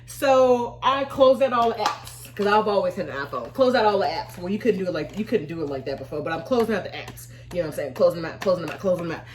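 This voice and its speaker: A woman in her thirties, an Army veteran, telling a storytime vlog in an animated, expressive way and acting out her own reactions. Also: fairly low pitch, quick pace, hardly any pauses, music in the background.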